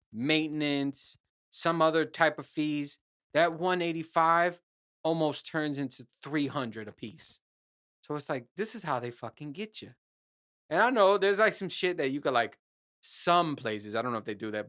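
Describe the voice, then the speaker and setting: A man's voice: mid-range voice, bright, forceful tone, smooth. Rambling, profane middle-aged man. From New Jersey. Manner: rambling, profane, self-mocking. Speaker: podcast host. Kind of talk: casual solo rant.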